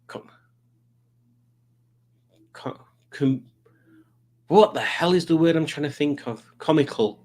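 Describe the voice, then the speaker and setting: A man's voice: a little high, slow pace, long pauses, a little mellow. A man hosting a live quiz stream in casual chat, rambling and self-mocking as he reads out the chat.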